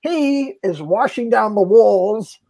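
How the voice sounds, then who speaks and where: An older man, a comedian, tells show-business anecdotes in a relaxed chat. He is animated, acts out the quotes, and stumbles into restarts as he goes. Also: high-pitched, slow pace, vocal fry. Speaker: guest comedian. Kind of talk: storytelling in casual chat.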